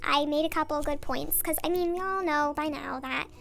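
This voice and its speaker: A woman's voice: high voice, moderate pace, gravelly, a bit bright, soft background music. A sleep-deprived young woman rambling and ranting late at night in her bathroom, swearing and cutting herself off, her voice sped up. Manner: rambling, swearing, self-interrupting, giggly. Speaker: vlogger.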